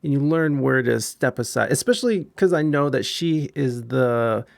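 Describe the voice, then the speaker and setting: Gravelly-voiced man, halting chat. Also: mid-range voice, lively intonation, no room sound. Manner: halting, frequent restarts and fillers. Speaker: podcast host. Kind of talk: casual podcast chat.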